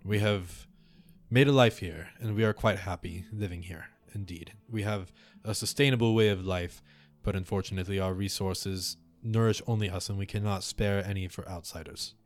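A man's voice: low-pitched, steady tone, normal speed, soft background music, lightly acted. A man voicing a stern old male chief of earth creatures who speaks in a formal, commanding way. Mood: grave.

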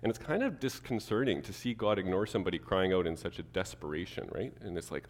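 A man preaching a sermon to his church, animated, acting out the people he quotes. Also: low voice, quick pace, few pauses, big-room sound. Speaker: pastor.

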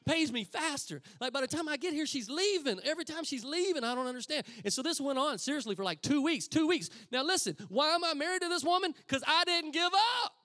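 A middle-aged man, a pastor preaching a sermon as a lively story and acting out the voices of the people in it. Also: very high voice, a little fast, hardly any pauses, no room sound. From Texas. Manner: animated, acts out voices of friends and himself.

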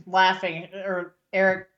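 Throat-clearing woman musing over writing. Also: mid-range voice, level tone, takes it slowly, a bit bright, highs cut off. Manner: frequent throat clearing, thinking aloud with ums. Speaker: podcast co-host critiquing writing. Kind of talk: casual chat.

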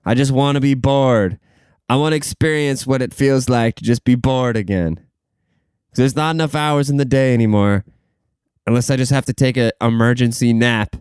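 A man's voice: mid-range voice, normal speed, darkish tone, clear, resonant tone, dry recording, studio quality. A young man hosting a podcast, rambling and swearing through casual stories, laughing at himself and saying he is tired. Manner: rambling, profane, laughs at his own stories. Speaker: podcast host.

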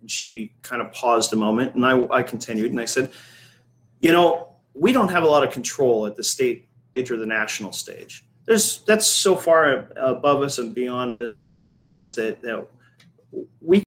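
A man's voice: medium pitch, expressive, normal speed, poor audio. Middle-aged man telling a long story. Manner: rambling anecdotal storyteller, many restarts and fillers. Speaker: coffee shop owner and podcast host. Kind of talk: casual storytelling chat.

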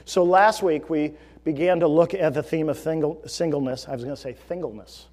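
A man's voice: on the high side, fairly even intonation, brisk, a little mellow. A man preaching an earnest, emphatic sermon as pastor, with frequent fillers and restarts. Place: church sanctuary. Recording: long reverb of a large hall.

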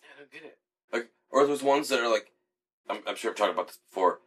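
A man joking and riffing in a relaxed chat with a friend. His voice is a little husky and his pitch swings around a lot as he talks, and he curses casually. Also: quick pace. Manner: joking, animated, swears casually.

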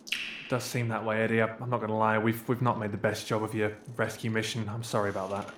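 A man's voice: on the low side, monotone, fast, background noise, natural voice. A man voicing an earnest young musician who is held captive and talks in a hesitant, apologetic way. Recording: echoey room.

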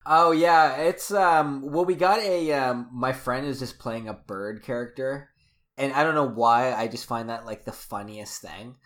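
Brief: man, mid-pitched, joking, laughs a lot, loose casual chat. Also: measured pace, fairly bright tone. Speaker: guest.

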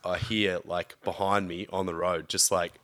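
A man's voice: deep voice, moderate pace. Swearing storyteller man. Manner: swears freely, animated storytelling. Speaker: podcast co-host. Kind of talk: casual chat.

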